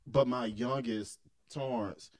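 A man's voice: medium pitch, fairly even intonation, takes it slowly. A young adult man co-hosting a podcast, telling stories about his kids in casual chat and laughing often. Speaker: podcast co-host.

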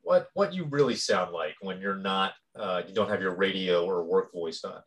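A man co-hosting a podcast, trading crude jokes in a deadpan, casual way. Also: low-pitched, normal speed. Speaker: podcast co-host. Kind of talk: casual comedy banter.

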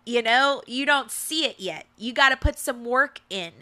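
A woman's voice: high-pitched, animated, normal speed, pushed and bright. A woman hosting a faith-based motivational talk, speaking in an emphatic, repetitive, preacherly way. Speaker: podcast host.

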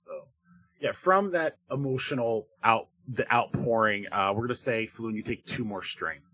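A man's voice: mid-range voice, moderate pace, pushed and bright, husky, no room sound. A man running a tabletop role-playing game as game master, narrating casually with lots of fillers. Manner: casual, descriptive, filler-heavy.

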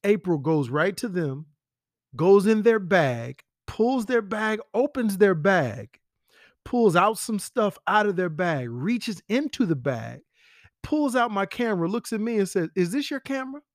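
Brief: man, casual animated storyteller, gravelly, slightly high voice, dry close sound. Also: measured pace, dry recording. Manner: animated, slangy storytelling with acted quotes and whispered asides. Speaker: friend giving a spoken tribute.

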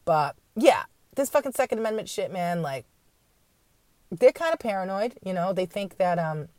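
A woman's voice: medium pitch, sing-song, normal speed, a little mellow, dry recording. A woman hosting a podcast, talking through a late-night, profanity-filled rambling rant with wry asides and mocking impressions of others. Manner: acts out others in mocking voices. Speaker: podcast host.

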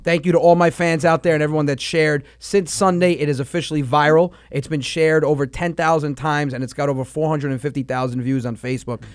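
A man's voice: fairly high pitch, a little fast, few pauses. A young man hosting a comedy radio show, telling stories and acting out the people in them. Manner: animated storyteller, acts out voices in his stories. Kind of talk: casual comedic banter. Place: radio studio.

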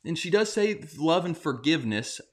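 A man's voice: on the high side, sing-song, normal speed. A man co-hosting a casual talk show, commenting in a heated, sarcastic way that rises when he gets worked up. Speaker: podcast co-host.

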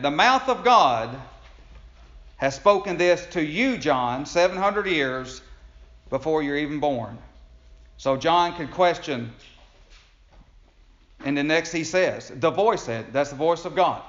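A man's voice: fairly high pitch, lively intonation, takes it slowly, long pauses, a bit bright. A man preaching a sermon in a folksy, conversational way, chuckling and restarting his sentences. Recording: echoey room, dull lo-fi sound.

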